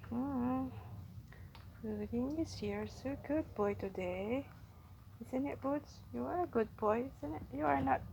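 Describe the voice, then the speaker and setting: A woman talking gently to her pet rabbits and to her viewers in a cooing, sing-song baby-talk voice. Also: sits high, gravelly, slight background noise, rough recording. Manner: coos and soothes in slow, soft sing-song. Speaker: pet vlogger.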